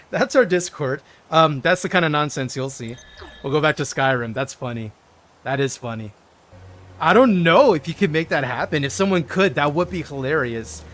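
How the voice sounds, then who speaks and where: A man's voice: on the high side, animated, moderate pace, a bit bright. A man streaming a modded game, chatting casually with viewers and reading their chat messages aloud.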